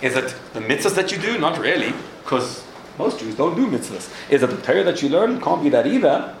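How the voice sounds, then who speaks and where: A man's voice: a little high, sing-song, fairly quick, echoey room, slight background noise, low-quality recording. A man giving a sermon, telling a story and asking questions, with Hebrew terms mixed in. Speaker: rabbi.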